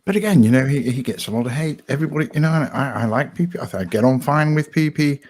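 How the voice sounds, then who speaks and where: A man chimes in as a guest on a live stream panel. He talks fast and bluntly. His banter has a defiant edge. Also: mid-range voice, animated, darkish tone. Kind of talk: casual banter.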